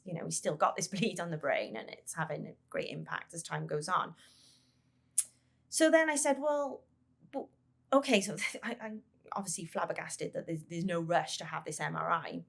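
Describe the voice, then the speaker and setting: Woman, podcast guest, gravelly fry in her voice, halting retelling, repeats her words, acts out quoted dialogue. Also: fairly low pitch. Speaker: guest, parent of a child with a brain injury. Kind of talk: personal storytelling in a podcast interview.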